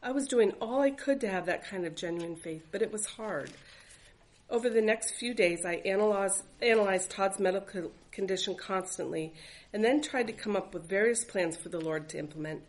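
Woman reading her own story out loud, earnest and reflective, about a mom's faith. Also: medium pitch, moderate pace, rough recording. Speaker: mother narrating her own memoir. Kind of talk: reading a personal memoir aloud.

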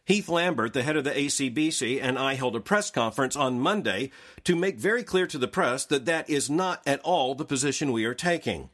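A man hosting a daily news analysis show, reading scripted commentary in a measured, formal way. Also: mid-range voice, expressive, fairly bright tone.

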